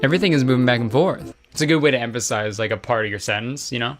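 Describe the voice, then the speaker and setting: A man's voice: medium pitch, rapid-fire, hardly any pauses, over music. A man doing comedic video commentary, sarcastic and profane, often incredulous at what he is watching.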